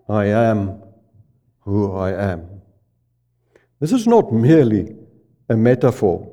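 A male preacher delivers a sermon at an unhurried pace. His voice is very dark and mellow, and it sinks lower and quieter on the phrases he wants to stress. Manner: slow, deliberate, drops low and soft on key phrases.

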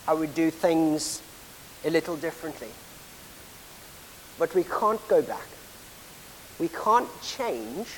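A man preaching a sermon, his voice sitting high for a man. He speaks in a measured, deliberate way and tells stories from the pulpit. The sound rings out through a reverberant church hall over a faint hiss. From South Africa. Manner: measured, deliberate delivery with a storytelling touch.

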